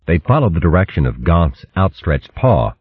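A man reads a storybook in a deep, husky voice with a very lively, animated pitch. The reading is measured, and the recording sounds dry and slightly muffled. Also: no room sound. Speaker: audiobook narrator. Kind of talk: scripted storybook narration.

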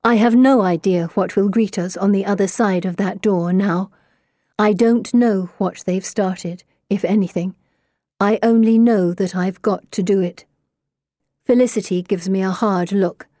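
A woman reading a first-person audiobook in a measured, even way. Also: mid-range voice, dry recording, studio quality. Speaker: audiobook narrator. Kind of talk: scripted first-person narration.

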